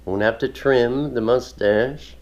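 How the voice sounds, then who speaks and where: A man's voice: medium pitch, slow pace, darkish tone, highs cut off. A man hosting his own video, chatting casually and rambling with chuckles and many fillers. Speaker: ministry video host. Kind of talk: casual home video chat.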